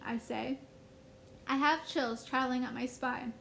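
A woman teacher reading a first-person novel aloud in a steady storybook manner. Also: high-pitched, a little slow, vocal fry, slight background noise, low-quality recording.

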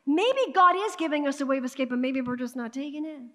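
A woman pastor preaching a sermon, calling out to the congregation, swinging from hushed asides to loud emphatic bursts. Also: sits high, expressive, fast. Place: church sanctuary. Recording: long hall reverb of a church sanctuary.

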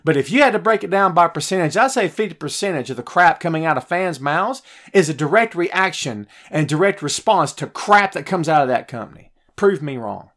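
A man's voice: fairly high pitch, fairly quick, hardly any pauses. Fired-up man ranting about wrestling. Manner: animated, fired-up ranting, swings loud and soft. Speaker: podcast host reading live chat. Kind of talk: heated wrestling rant.

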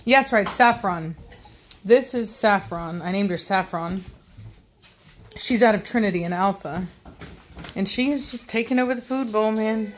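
A woman's voice: medium pitch, unhurried, pauses often, a little hiss or hum. A woman hosting a casual vlog about her puppies, chatting and slipping into cooing baby talk at them. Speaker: dog breeder and channel host.

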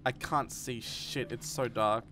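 A streamer giving live commentary on a horror game, jumpy and swearing, muttering low between shouted refusals. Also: fairly even intonation, unhurried, noisy background.

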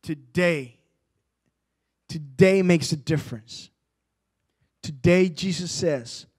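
A male preacher delivering a sermon, rising from quiet storytelling to loud, impassioned exhortation. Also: on the high side, slow, long pauses, husky.

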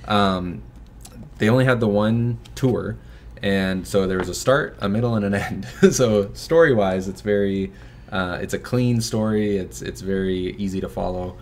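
A man's voice: lowish voice, measured pace, slight background noise. A young man, a filmmaker, chatting casually and loosely on a livestream, with many fillers and small laughs. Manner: relaxed, filler-heavy, chuckles often. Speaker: filmmaker guest, son of host. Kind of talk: casual livestream fundraising chat.

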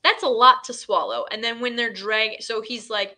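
Chatty woman with a bright voice. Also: on the high side, normal speed, hardly any pauses. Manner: chatty, filler-heavy, retells scenes in quoted dialogue. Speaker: host. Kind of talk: casual film recap.

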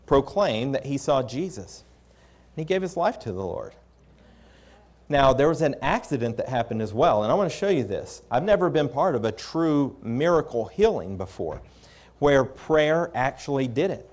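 A male preacher at mid pitch tells a story from the pulpit. He speaks candidly and conversationally, often restarting his sentences. He sounds like someone sharing personal experiences rather than reading a script. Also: darkish tone. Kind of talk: storytelling sermon.

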